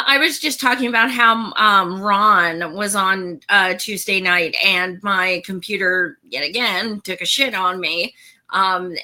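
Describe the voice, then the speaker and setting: A woman's voice: medium pitch, sharp tone. A woman hosting a political livestream show, chatting casually, venting and swearing freely as she talks to her viewers.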